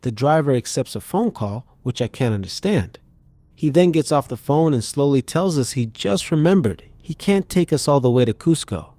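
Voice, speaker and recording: A man narrating a scripted story with a steady, even storytelling delivery. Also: mid-range voice, moderate pace, dry recording.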